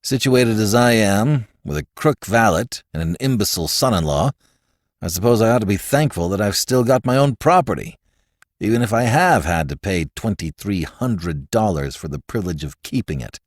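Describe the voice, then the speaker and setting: A man doing a furious older tycoon whose voice climbs high and wobbles all over when he blusters. His tone is dry and close, with no room around it. He sputters, snaps and complains about money in a storybook reading. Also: expressive, moderate pace, no echo. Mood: bitter. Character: irate wealthy older American father-in-law.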